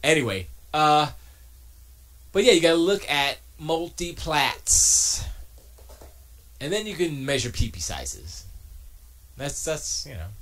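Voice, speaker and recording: A man streaming from his home studio, chatting casually and answering his chat, joking and arguing in an animated way. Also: fairly high pitch, slow, pauses often.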